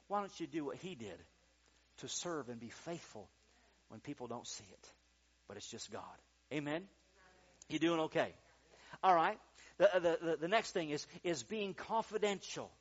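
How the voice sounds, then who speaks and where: A male pastor delivers a sermon in a high-pitched voice. He tells a story with lively, acted-out quotes and builds to emphatic peaks. The recording sounds slightly dull and lo-fi. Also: normal speed, long pauses.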